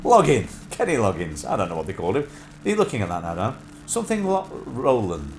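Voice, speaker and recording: A man's voice: mid-range voice, huge pitch swings, quick pace, faint music behind. A man hosting a casual chat show livestream from his home couch, rambling and breaking into song. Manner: chatty, rambling, bursts into song. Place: home living room on a couch.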